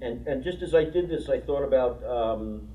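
A man's voice: medium pitch, moderate pace, mellow, slight background noise. A man leading a puppetry workshop, talking loosely and with some profanity, often asking if the group follows him. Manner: loose, profane, keeps asking "you know what I mean?". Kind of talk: teaching talk with demonstrations. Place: workshop room. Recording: distant, roomy, dull workshop recording.

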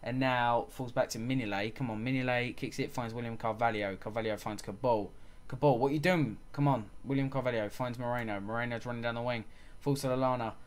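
A man's voice: mid-range voice, fairly even intonation, brisk, hardly any pauses. A man giving casual let's-play commentary on a football management game, calling the action play by play and muttering frustrated asides. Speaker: gaming channel host.

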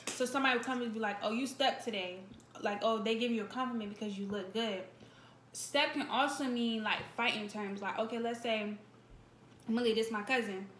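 A woman's voice: on the high side, fairly even intonation, fairly quick, fairly bright tone, slight background noise. A young woman, casually explaining local slang in a home kitchen. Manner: laid-back, explains slang with examples. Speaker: co-host. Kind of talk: casual chat. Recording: echoey kitchen.

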